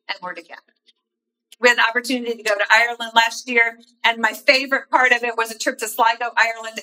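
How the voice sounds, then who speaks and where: A woman giving a devotional talk in an earnest, personal storytelling way with soft asides. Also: fairly high pitch, rough recording. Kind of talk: sermon.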